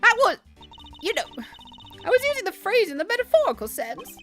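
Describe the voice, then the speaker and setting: A woman voicing a loud, boastful old woman witness in a game, with a high shrieking manner. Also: very animated, fairly quick, soft background music, exaggerated voice. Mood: haughty.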